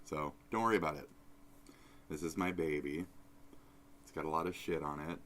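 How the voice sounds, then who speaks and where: A man hosting a live stream, rambling in a profane, off-the-cuff way, jumping between loud outbursts and low mutters. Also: fairly even intonation, normal speed, a little hiss or hum. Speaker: streamer host. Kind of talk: casual live-stream rant.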